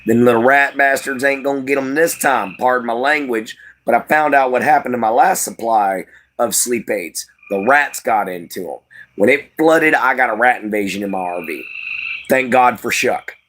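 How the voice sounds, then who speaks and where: A man's voice: mid-range voice, moderate pace, fairly bright tone. A tired man from Louisiana with a light Cajun accent, chatting casually and folksily as a live-stream host, rambling with lots of fillers. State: tired from lack of sleep.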